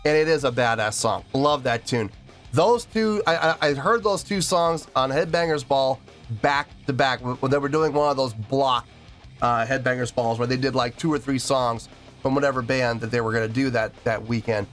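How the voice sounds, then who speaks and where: A man's voice: medium pitch, normal speed, fairly bright tone. Earnest man rambling about music. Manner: earnest, rambling, repeats himself. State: choked up, teary. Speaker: music reaction host. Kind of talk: casual reaction video talk.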